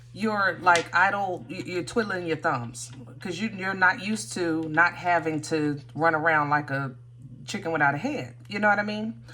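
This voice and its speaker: A woman's voice: on the low side, bright, forceful tone. A woman giving a casual tarot reading, thinking aloud with many fillers and restarts. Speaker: tarot reader.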